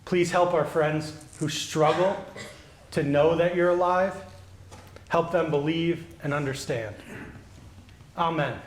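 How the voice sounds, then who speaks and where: A male pastor giving a children's sermon, gently asking the children questions and answering them. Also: on the high side, slow, long pauses. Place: church sanctuary. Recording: echoey church.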